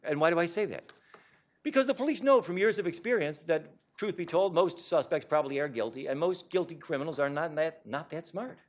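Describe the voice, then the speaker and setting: A man giving a public talk to an audience as an author, lecturing in an emphatic, animated way. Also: on the high side, a little fast.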